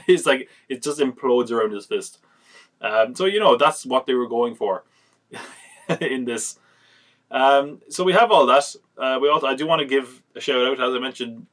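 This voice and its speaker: Man, podcast host, casual film review, rambling, mid-pitched voice. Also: fairly bright tone. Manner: rambling, acts out quotes in retelling.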